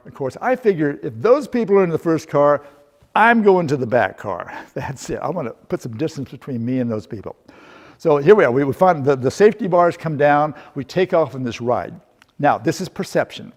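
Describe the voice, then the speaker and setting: A middle-aged man leads a workshop, spinning a humorous story and tossing rhetorical questions at his audience. His voice sits a little high for a man. The sound carries the long reverb of a lecture hall. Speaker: workshop presenter. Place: seminar room.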